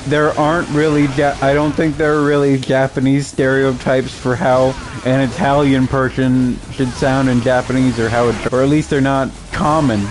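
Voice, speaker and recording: A man's voice: medium pitch, little pitch movement, moderate pace, hardly any pauses, background noise. A young adult man giving casual, rambling gaming commentary, full of fillers and amused asides.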